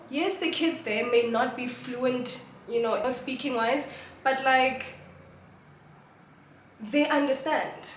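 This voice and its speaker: A young woman with a South African accent talks casually about language, sliding between English and Setswana and breaking into laughs. Her voice sits on the high side. The room gives it a noticeable echo, with faint ambient noise underneath. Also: a bit bright. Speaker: host. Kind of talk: casual talk explaining sociolinguistics. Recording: roomy echo.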